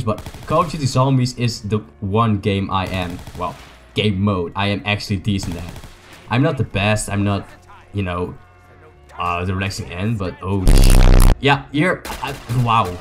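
A man's voice: sits low, moderate pace, faint music behind. Rambling young man narrating his gameplay. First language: Dutch. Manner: excitable, joking, rambling, talks to viewers as he plays. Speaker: gaming YouTuber. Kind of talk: casual gameplay commentary.

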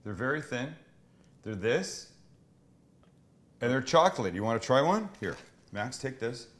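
A man hosts a cooking show in a kitchen, talking in a loose, joking way. His voice sits at an ordinary middle pitch. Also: very animated, unhurried, fairly bright tone. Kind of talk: casual cooking livestream chat. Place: kitchen studio with crew.

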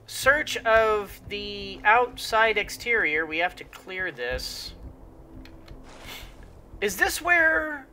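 A let's play host giving rambling gameplay commentary, full of fillers and excited exclamations. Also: medium pitch, takes it slowly, pauses often, slight background noise.

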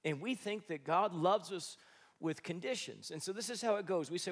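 Animated man preaching a sermon. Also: sits high, moderate pace, husky. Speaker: pastor.

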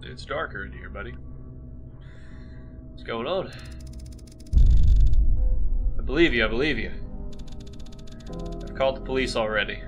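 A man's voice: mid-range voice, a little slow, long pauses, music in the background, pitched below the performer's own voice, lightly acted. A man reading as a wary small-town gas station clerk. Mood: urgent.

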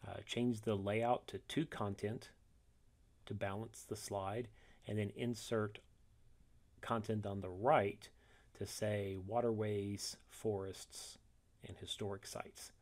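A man walking through a software tutorial step by step, reading each instruction and then demonstrating it, correcting himself along the way. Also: on the low side, flat delivery, takes it slowly. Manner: methodical, reads steps then demonstrates, self-corrects.

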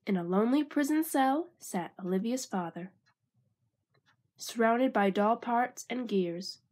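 A woman reading a children's storybook aloud. Her voice sits slightly high, and her delivery is expressive and clear. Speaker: narrator.

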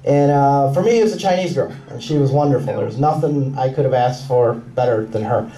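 A man doing a stand-up comedy set with a punchy, animated delivery and quick put-on voices. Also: medium pitch. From Mexican family roots. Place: comedy club on stage. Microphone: handheld stage mic. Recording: roomy club sound with laughing crowd, taken from far off. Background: audience laughter.

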